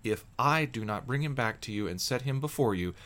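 A man's voice: mid-range voice, expressive, brisk, a bit bright, lightly acted. A man reading earnest brother Judah.

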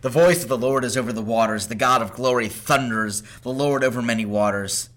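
A man reading psalms aloud in a measured, solemn way, rising on the lines of praise. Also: mid-range voice, a bit bright. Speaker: scripture reader. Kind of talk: scripted scripture reading.

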